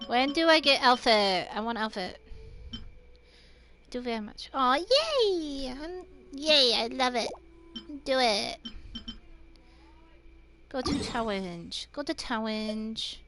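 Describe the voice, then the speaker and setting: A woman's voice: fairly high pitch, lively intonation, takes it slowly, pauses often, over music. A woman putting on a cutesy babyish voice, begging in broken baby talk. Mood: pleading.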